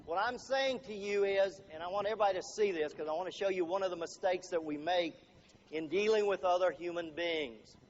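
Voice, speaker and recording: A middle-aged man giving a seminar talk to a live audience, animated and jokey, acting out little scenes. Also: sits high, fairly quick, a little hiss or hum. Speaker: motivational speaker. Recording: dull lo-fi recording, faint ambience.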